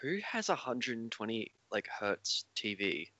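A man's voice: medium pitch, big pitch swings, a little slow, bright, forceful tone, dry recording, dull audio. An Australian man co-hosting a casual games chat, joking and swearing freely. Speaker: podcast co-host.

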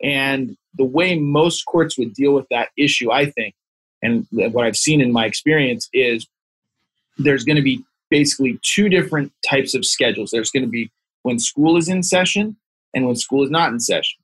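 Man, family law attorney, husky, methodical, dry close sound. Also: mid-range voice, moderate pace, a bit bright, no room sound, rough recording. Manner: methodical, explanatory. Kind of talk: explaining as an interview guest.

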